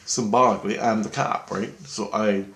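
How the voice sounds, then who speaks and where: A man's voice: lowish voice, steady tone, moderate pace, fairly bright tone, echoey room. A man casually telling a dream story, rambling and conversational.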